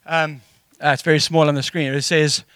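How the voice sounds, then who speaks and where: A man's voice: a little high, little pitch movement, normal speed, a bit bright, smooth, no echo, studio quality. A middle-aged man with a South African accent preaching a casual, jokey sermon and acting out quotes. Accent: South African English.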